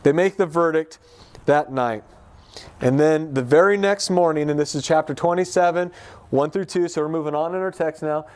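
A man's voice: fairly high pitch, normal speed, darkish tone. A man preaching a casual, conversational sermon, talking through a text and acting out the voices he quotes. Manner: conversational, acts out quoted voices, many restarts.

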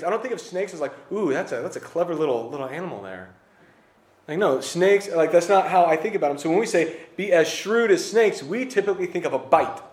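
A man preaching a conversational sermon to a congregation in a church, with casual, joking asides to the crowd. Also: on the high side. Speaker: pastor. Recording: roomy church hall echo.

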